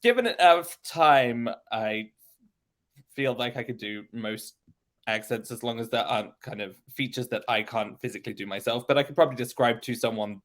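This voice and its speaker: Male guest, English accent, measured and articulate, mid-range voice. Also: medium pitch, a bit bright. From England. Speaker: accent coach. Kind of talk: interview guest, explaining.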